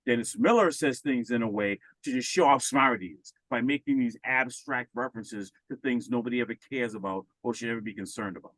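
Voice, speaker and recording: A man's voice: mid-range voice, a little fast, few pauses, fairly bright tone, no echo, rough recording. A man co-hosting a casual pop-culture podcast, talking in an opinionated, ranting way with frequent restarts. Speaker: podcast co-host. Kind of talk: casual chat.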